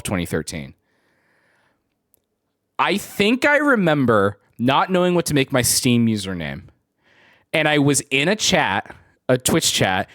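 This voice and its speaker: Twenties male streamer, laid-back storyteller, expressive and bouncy delivery, dry room. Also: medium pitch, no echo. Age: 20s. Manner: rambling anecdotal storytelling, laughs often. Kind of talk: casual live-stream chat with viewers.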